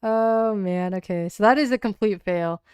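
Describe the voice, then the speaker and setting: A woman's voice: mid-range voice, moderate pace, a little mellow, smooth, no room sound, studio quality. A woman streaming a solo tabletop game, narrating casually with many likes and ums. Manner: rambling, full of likes and ums, giggly.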